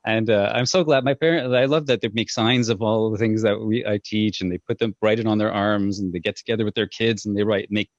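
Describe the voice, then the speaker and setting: A man with a fairly low voice talks fairly quickly with hardly any pauses and no echo. A parenting coach, he speaks earnestly in a conversational interview, animatedly acting out his own inner voice as he tells stories. The recording has a dull, lo-fi, dry sound.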